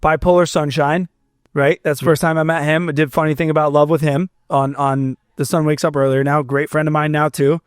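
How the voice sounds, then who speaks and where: A man's voice: a little high, a little fast, clean tone, dry recording, studio quality. A young man from Florida, a musician telling a story in casual chat, acting out quotes and swearing now and then. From Fort Myers, Florida. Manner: animated, swears, acts out quotes. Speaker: musician guest.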